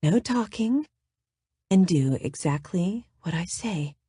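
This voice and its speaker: Brief: breathy, bossy seductress, soft and raised in pitch, as a female narrator puts her on, audiobook. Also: expressive, slow pace, no room sound, clean studio sound, full character voice. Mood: sultry. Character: sultry seductive woman, breathy and commanding.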